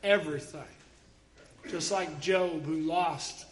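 A male preacher delivers a sermon in a fairly high voice. He is emphatic and quotes scripture often, with the odd wry joke tossed in. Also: a little slow.

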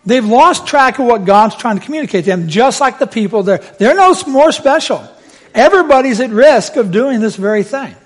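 Man, preacher, very high voice, animated sermon storytelling. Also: moderate pace.

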